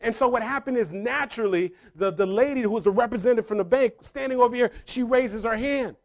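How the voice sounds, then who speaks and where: Motivational speaker, male, high pitch, storyteller who repeats lines and swells to big loud climaxes. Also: fast talker. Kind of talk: motivational speech to a live audience. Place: room full of people.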